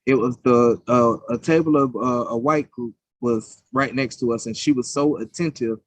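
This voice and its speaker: A man's voice: medium pitch, moderate pace, no echo. A young man co-hosting a podcast, telling stories in a casual, profane, heated way. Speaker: podcast co-host. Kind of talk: casual chat.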